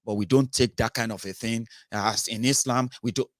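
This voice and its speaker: A man's voice: mid-range voice, steady tone, normal speed, no room sound, studio quality. A Nigerian man giving an impassioned commentary monologue, emphatic and rhetorical, with many filler sounds. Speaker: political commentary host.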